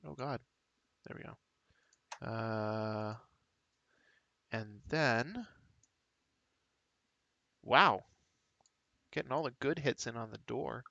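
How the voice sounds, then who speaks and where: A man's voice: medium pitch, gravelly, bright, forceful tone, no room sound, lo-fi sound. A man running a tabletop game as dungeon master, narrating moves with frequent ums and uhs. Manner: halting, full of ums and uhs, counts moves aloud.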